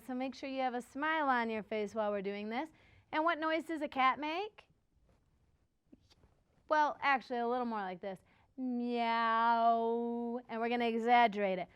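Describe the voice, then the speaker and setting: A woman's voice: sits high, clean tone. A woman hosting a playful singing lesson, encouraging listeners and demonstrating with hums and cat sounds. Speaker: music teacher and show host. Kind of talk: kids-style singing lesson.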